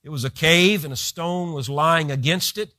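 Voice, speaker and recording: A man's voice: fairly high pitch, normal speed, pushed and bright, no room sound, clean studio sound. A man preaching a sermon who retells scripture with vivid, rising emphasis.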